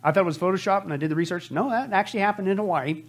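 A male pastor preaching a sermon, urging listeners with pleading questions and sudden loud outbursts. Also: high voice, racing, hardly any pauses.

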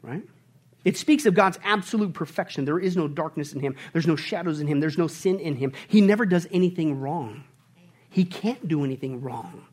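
A man preaching a sermon as pastor, swinging from quiet asides to loud, mocking bursts. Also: fairly high pitch, normal speed.

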